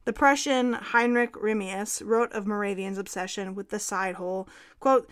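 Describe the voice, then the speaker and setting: A woman's voice: mid-range voice, fairly even intonation, normal speed. A woman co-hosting a history podcast, reading scripted narration with dry, amused asides. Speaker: podcast co-host.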